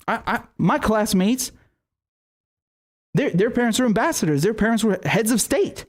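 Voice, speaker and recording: A man's voice: high-pitched, animated, moderate pace, long pauses. A man hosting a live-streamed political commentary show, ranting in a heated, profane way.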